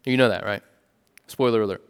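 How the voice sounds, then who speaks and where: A man's voice: lowish voice, fairly quick, clean tone. A male pastor preaching at an evening service, reading scripture and explaining it in plain, conversational words. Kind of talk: sermon. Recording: long hall reverb.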